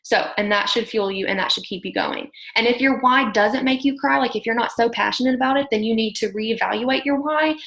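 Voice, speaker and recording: A woman's voice: a little high, brisk, gravelly, few pauses, fairly bright tone. Gushing young woman with a roomy echo. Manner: emphatic, gushing, peppered with "like" and "okay". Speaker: team leader coaching distributors. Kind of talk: motivational video call talk.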